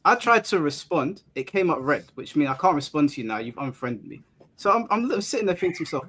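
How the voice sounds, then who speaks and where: A blunt man hosting a heated talk show, his voice sitting a touch high for a man. He sounds exasperated and keeps pressing his point without backing down. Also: very animated, fast talker, a bit bright. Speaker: podcast host. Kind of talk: heated casual discussion.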